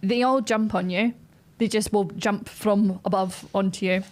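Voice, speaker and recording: A young woman, telling a story in brisk, dry casual chat on a podcast. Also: mid-range voice, fairly even intonation. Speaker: podcast co-host.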